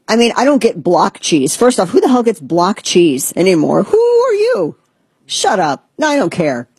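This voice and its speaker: A woman's voice: deep voice, very animated, fairly quick, a little mellow, breathy edge, no room sound. A woman hosting a talk show, giving blunt, sarcastic, rambling commentary. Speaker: podcast host. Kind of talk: opinionated casual commentary.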